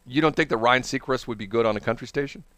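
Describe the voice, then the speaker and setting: A man's voice: medium pitch, quick pace, no room sound. A man hosting a casual radio chat, telling stories and mimicking voices. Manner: animated storyteller, mimics voices. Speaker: radio host.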